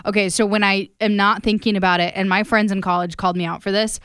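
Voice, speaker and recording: A woman's voice: mid-range voice, level tone, quick pace, fairly bright tone, clear, resonant tone, no echo, studio quality. A young woman in her twenties co-hosting a radio show, chatting casually and poking fun at herself. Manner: self-deprecating, chatty. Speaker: radio co-host.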